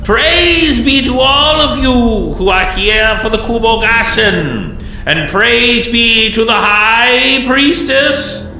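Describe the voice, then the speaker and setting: High, loud, bowing-and-scraping drow herald, long drawn-out titles. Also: male voice, echoey room, faint music behind, full character voice, low-quality recording. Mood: pompous proclaiming. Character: obsequious thin male drow herald, loud.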